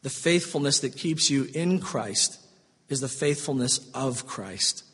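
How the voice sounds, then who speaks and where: A man preaching a sermon, swinging between strong emphasis and hushed, slow, tender passages. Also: medium pitch, expressive, slightly rough, in a large hall. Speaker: pastor.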